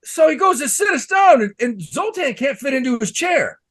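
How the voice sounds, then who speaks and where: A man's voice: very high-pitched, very animated, moderate pace, fairly bright tone. A man co-hosting a podcast, telling a story in a heated, profane, fired-up way. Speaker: podcast co-host. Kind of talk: casual chat, heated storytelling.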